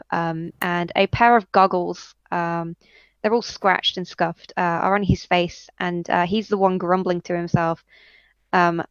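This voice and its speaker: A woman's voice: lowish voice, no echo, dull audio. A woman narrating as game master in a tabletop game, hesitant and full of ums and uhs.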